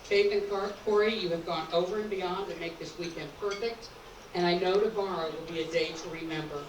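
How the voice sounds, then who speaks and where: A woman's voice: fairly low pitch, fairly quick, recorded from a distance. A middle-aged woman giving an earnest, sentimental toast as the groom's mother. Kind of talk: heartfelt wedding toast. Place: banquet hall at a rehearsal dinner. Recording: echoey hall recorded from afar, background noise.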